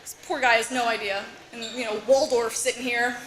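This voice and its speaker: A woman with a high, bright voice tells a story on stage, animated and quick to laugh as she plays out the lines of her relatives. She sounds roomy and echoey, with faint live ambience behind her. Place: bar or small venue with audience.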